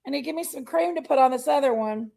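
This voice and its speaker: A livestream host with a high voice and gravelly fry chats casually with her live viewers, greeting each by name and calling them honey and y'all. Speaking quickly with a dark tone, she opens up emotionally about her personal struggles.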